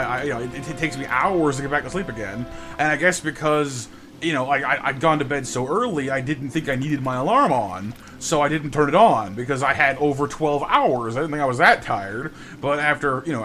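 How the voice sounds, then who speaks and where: A man's voice: medium pitch, pushed and bright. A man streaming a game live, telling a rambling story and greeting his chat with lots of stammered restarts. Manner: chatty storyteller, repeats words when starting sentences.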